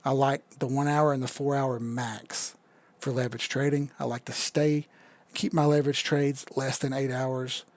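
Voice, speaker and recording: A man hosts a crypto live stream, charting while he talks in a laid-back, rambling way, swearing now and then and reading chat aloud. His medium-pitched voice barely moves in pitch, at a normal speed.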